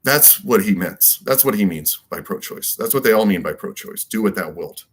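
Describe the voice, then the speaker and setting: Man, low-pitched, rambling monologue, emphatic, repeats himself, asks rhetorical questions. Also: animated, moderate pace, slightly rough. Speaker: political commentator.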